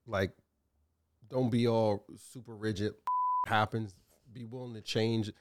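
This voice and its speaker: A man co-hosting a casual talk show, telling animated stories with lots of fillers and acted-out quotes. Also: on the low side, measured pace, a little hiss or hum. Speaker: co-host, store owner. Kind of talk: casual chat.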